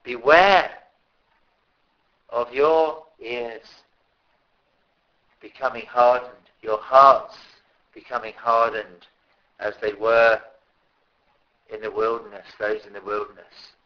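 A man preaching a sermon in an earnest way, rising to loud pleading calls at times. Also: medium pitch, steady tone, slow, long pauses, dull audio.

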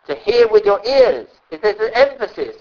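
A man preaching a sermon, often pausing and repeating words as he stresses a point. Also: high-pitched, sing-song, a little mellow. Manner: halting, repeats words, emphatic. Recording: dull lo-fi recording.

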